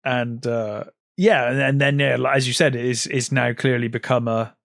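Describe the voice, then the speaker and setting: Man, film podcast co-host, mid pitch, dry close sound, casual retelling with fillers. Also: fairly even intonation, moderate pace, gravelly, a bit bright, dry recording. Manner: retells scenes with acted quotes, many fillers.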